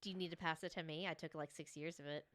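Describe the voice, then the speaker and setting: A woman's voice: deep voice, fairly even intonation, quick pace, fairly bright tone, dry recording. A woman co-hosting a podcast, joking and teasing her friend in casual banter. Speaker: podcast co-host.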